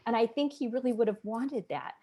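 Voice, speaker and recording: Her voice is on the high side yet dark and husky, and she talks a little fast. She's a woman of about fifty, earnestly and emotionally recounting her personal testimony in an interview while imitating the voices she quotes.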